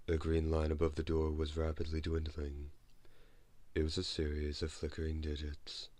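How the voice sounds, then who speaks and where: A man reading an audiobook as narrator, in a measured, steady way. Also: very deep voice, no echo. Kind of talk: scripted narration.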